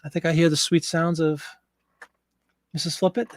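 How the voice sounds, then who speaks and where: A slightly high-voiced man hosts a casual live stream and chats easily with his viewers. He sounds a little out of breath, and his voice comes through dry and close, with no room sound around it. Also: flat delivery, normal speed, no echo. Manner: chatty, reads viewer comments. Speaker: livestream host.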